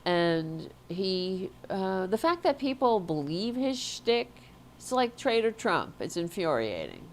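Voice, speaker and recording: A woman's voice: mid-range voice, sing-song, takes it slowly, a little hiss or hum. A woman hosting a political talk show, congested and stuffed up, talking bluntly and indignantly with profanity and frequent restarts. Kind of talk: opinionated political commentary.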